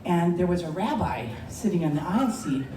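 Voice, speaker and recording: A woman's voice: fairly low pitch, very animated, a little fast, warm tone. A woman telling a personal story at a live story slam, conversational and often laughing. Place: bar lounge stage. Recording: echoey lounge, distant mic, background noise.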